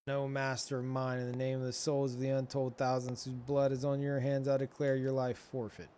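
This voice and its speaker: A stern video game avenger, voiced by a man passes a death sentence in a solemn, formal tone. The delivery is grim and measured. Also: medium pitch, completely flat delivery, warm tone, a little hiss or hum, close to an everyday voice.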